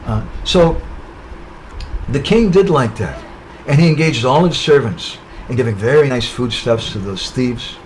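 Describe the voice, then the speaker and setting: A man with a mid-range voice and lively intonation speaks unhurriedly over a rough recording with a little hiss or hum. He's a spiritual speaker on an online webinar call, telling a parable as a storytelling sermon and often tagging lines with "huh?" or "right?".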